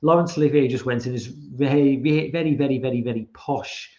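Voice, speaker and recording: A man's voice: mid-range voice, steady tone, a little fast, few pauses, darkish tone, highs cut off. A man hosting a casual podcast stream, rambling and swearing with lots of ums and restarts. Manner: rambling, sweary, full of fillers. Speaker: podcast host. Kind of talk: casual livestream chat.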